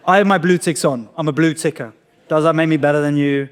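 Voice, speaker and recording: A man's voice: a little high, quick pace, heavy background noise. A man in his thirties, a stand-up comedian telling a self-deprecating story on stage and acting out his own thoughts. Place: live comedy venue. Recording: long reverb of a performance hall.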